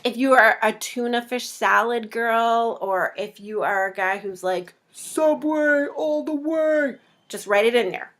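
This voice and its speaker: A woman's voice: medium pitch, level tone, moderate pace, hardly any pauses, fairly bright tone. A young woman giving a casual meal planning tutorial, chatty and playful, acting out viewers' reactions in little voices. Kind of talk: casual talking-head tutorial.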